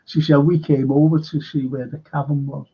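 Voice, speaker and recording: On a lo-fi live stream, a man who is a local historian chats and tells anecdotes with animation, doing the quoted voices himself. His voice is husky, on the high side, and moderately paced.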